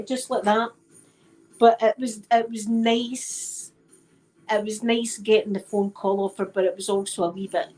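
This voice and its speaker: A woman's voice: mid-range voice, darkish tone, poor audio. A Scottish woman chatting casually to her livestream viewers from home on her phone, rambling and repeating herself. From Scotland. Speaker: livestream host. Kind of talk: casual chat.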